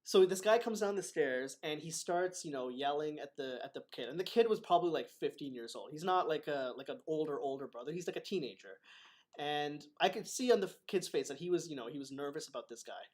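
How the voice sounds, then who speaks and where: Male host, martial arts teacher, higher voice, chatty storyteller. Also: fairly quick. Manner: animated storytelling with laughs. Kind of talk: casual chat.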